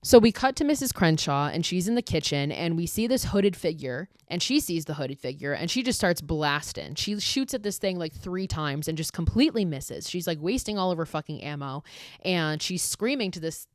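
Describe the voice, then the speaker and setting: A woman's voice: on the low side, lively intonation, normal speed, dry recording, clean studio sound. Sarcastic, cussing woman recapping a movie. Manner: profane, sarcastic, gossipy retelling. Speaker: podcast host.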